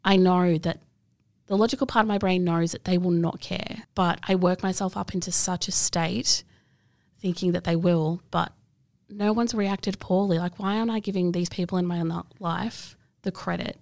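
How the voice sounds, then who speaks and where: A young woman recounts her life candidly, earnest and emotional, trailing into fillers. Her voice sits fairly low and carries a gravelly fry. It is recorded close and dry. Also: fairly even intonation, moderate pace, no room sound. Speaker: interview guest. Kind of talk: candid personal interview.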